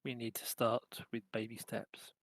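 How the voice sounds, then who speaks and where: A man playing a tabletop game, speaking quietly and low-key. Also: level tone, measured pace, creaky, no room sound. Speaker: player.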